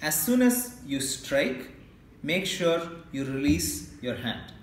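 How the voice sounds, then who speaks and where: A man teaching beginner drum strokes in a slow, patient way, counting beats aloud and demonstrating. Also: a little high, very animated. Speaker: mridangam teacher. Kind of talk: instructional lesson. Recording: very echoey room, mic at a distance, loud noise.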